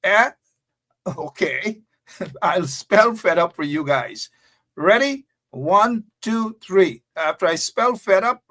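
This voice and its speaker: A man's voice: a little high, fairly bright tone. A man with a Guyanese accent hosting a live talk show, chatting to viewers in a sarcastic, joking way.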